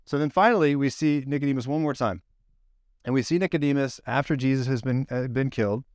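A man preaching a casual, conversational sermon, telling the story with lively acted-out quotes. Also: medium pitch, quick pace, clean tone, no room sound, studio quality. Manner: animated storyteller, acts out quoted lines. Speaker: pastor.

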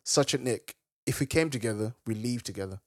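A young man co-hosting a casual podcast chat, easygoing and quick to laugh and agree. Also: mid-range voice, dry recording, studio quality. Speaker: podcast co-host.

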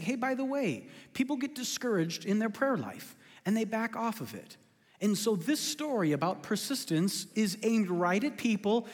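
A male pastor with a drawl delivers a lively, joking sermon, often at his own expense. His voice sits high for a man, and a long hall reverb trails every phrase through the sanctuary. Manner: animated, joking, self-deprecating. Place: church sanctuary.

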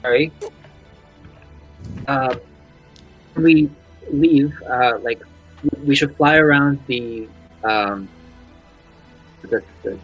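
A man's voice: mid-range voice, extremely slow, long pauses, muffled recording, faint music behind. A man playing a tabletop game, talking eagerly and rambling with fillers. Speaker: player. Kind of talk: tabletop role-play.

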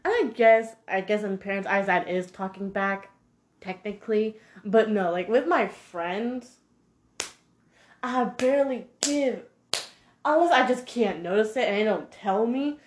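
A woman ranting casually to camera in an animated, heated way, filling her talk with "like". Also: mid-range voice, a little slow, a little hiss or hum. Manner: animated, heated, heavy use of 'like'. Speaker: vlogger. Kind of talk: casual monologue rant. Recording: echoey room.

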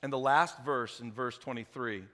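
Bright-voiced male preacher in a hall. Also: mid-range voice, normal speed. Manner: animated storyteller with conversational asides. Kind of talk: sermon storytelling. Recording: echoey hall.

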